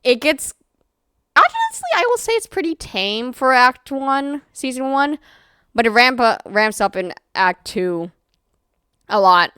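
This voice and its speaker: A woman's voice: on the high side, lively intonation, a little slow, sharp tone, clear, resonant tone, dry recording, clean studio sound. A young woman streamer chatting casually and rambling, often apologizing and laughing as she explains things. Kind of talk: casual livestream chat.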